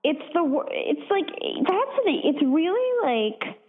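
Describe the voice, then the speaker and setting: A woman with a fairly high, animated voice chats and gives her opinions freely, with lots of "like" in her speech. Her pitch jumps around a great deal, and the sound is narrow and phone-like. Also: measured pace. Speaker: podcast co-host. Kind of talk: casual chat.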